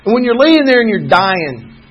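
A man's voice: high-pitched, very animated, moderate pace. A man telling his own recovery story at a meeting, rambling and candid with wry humor. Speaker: speaker sharing at a recovery meeting. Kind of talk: personal recovery testimony. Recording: muffled lo-fi recording.

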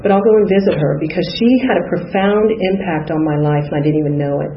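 A woman's voice: sits low, quick pace. Candid woman sharing her recovery story. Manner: candid, conversational, frequent "you know". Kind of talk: personal testimony. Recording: dull, echoey, faintly noisy room.

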